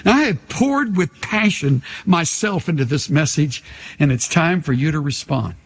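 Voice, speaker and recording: A man's voice: a little high, lively intonation, moderate pace, husky. An older male pastor preaching a sermon, leading the congregation in call-and-response with emphatic, repetitive phrasing in a large church. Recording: long hall reverb.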